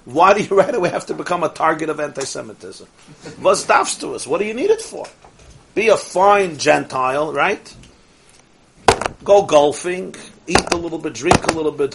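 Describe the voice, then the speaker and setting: A man teaching a Torah lecture as a rabbi. He mixes Yiddish and Hebrew terms into his English and swings from soft asides to rising exclamations. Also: fairly high pitch, expressive, fairly quick, creaky, a little hiss or hum.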